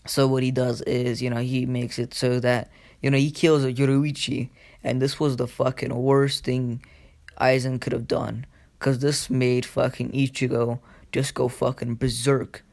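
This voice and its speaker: A young man retells a story in a loose, rambling way, full of fillers and casual swearing. His pitch sits in a middle register and stays fairly flat. It sounds like an offhand fan story told on the fly. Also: measured pace.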